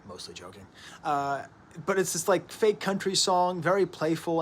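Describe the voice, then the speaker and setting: A man in his thirties, talking through an album at home in an animated, rambling way with joking asides. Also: fairly high pitch, normal speed, slight background noise. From United States. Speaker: record reviewer. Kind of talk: casual music analysis to camera.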